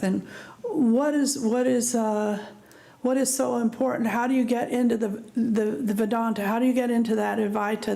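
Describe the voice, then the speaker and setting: Gravelly woman thinking aloud. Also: fairly high pitch, darkish tone. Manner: searching, thinking aloud with restarts. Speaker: memorial speaker. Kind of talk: personal remembrance at a memorial service. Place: ashram gathering hall.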